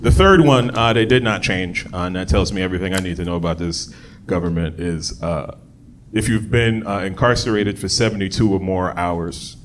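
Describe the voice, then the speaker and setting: A man performing a stand-up comedy set, talking conversationally and jumping into loud shouted bits when he acts out voices. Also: low voice, normal speed, background noise.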